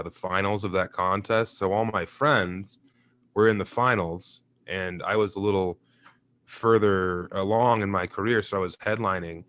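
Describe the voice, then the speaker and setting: A young adult stand-up comedian chats casually in an interview, his voice a little low with a fairly bright tone. He tells stories with gusto, laughs often and slips into mimicking other people's voices.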